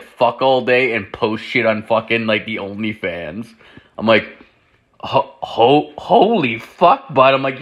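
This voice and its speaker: A young man with a bright, edgy tone tells a long crude anecdote in loose, casual chat. He swears constantly and packs his talk with fillers. He quotes both himself and his friend as the story goes. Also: mid-range voice. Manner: profane, rambling, quotes friends in dialogue with many fillers.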